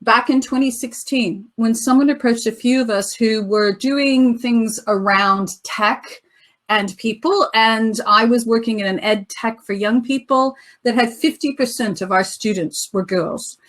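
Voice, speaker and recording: A woman in her fifties, from the United States with an American accent softened by decades in Britain, giving a conference talk over a video call with chatty, self-deprecating storytelling. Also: fairly high pitch, unhurried. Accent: American with a British tinge. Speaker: panel speaker. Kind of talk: conference talk, personal anecdote.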